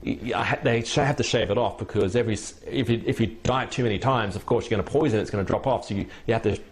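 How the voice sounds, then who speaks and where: A man quoting a cheerful young woman who works as a hair model, in a relaxed, slightly lifted voice. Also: fairly low pitch, rapid-fire, natural voice. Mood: apologetic.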